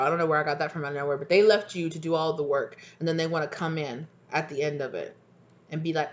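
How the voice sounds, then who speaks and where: Speaking quickly in a mid-range voice on a muffled recording, this tarot reader chats emphatically and slangily through a casual reading for viewers. She acts out the people in the cards and mutters asides as she goes.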